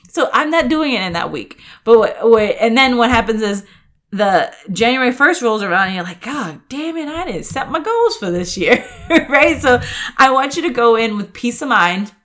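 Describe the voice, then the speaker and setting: A woman's voice: mid-range voice, fairly bright tone. Chatty upbeat woman podcaster. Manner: chatty, upbeat, lots of fillers and restarts. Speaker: podcast host and coach. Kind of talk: casual podcast monologue.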